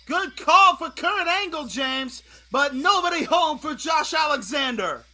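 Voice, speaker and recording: A man co-commentating on a wrestling match with short shouted calls. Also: very high voice, expressive, unhurried, soft background music. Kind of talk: live wrestling watch-along commentary.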